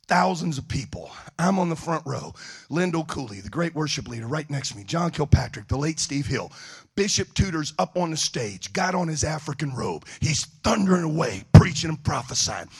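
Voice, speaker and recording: A man preaching a sermon, telling funny stories in an animated, joking way. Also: fairly high pitch, normal speed, slightly rough. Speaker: evangelist. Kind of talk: sermon storytelling.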